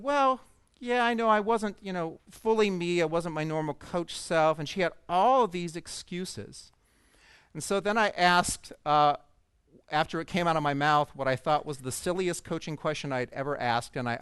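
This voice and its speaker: A man's voice: fairly high pitch, a bit bright, smooth, no room sound. A man telling a personal story with humor as a speaker at a coaching event. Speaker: conference speaker. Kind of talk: storytelling keynote talk to coaches. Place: event stage before an audience.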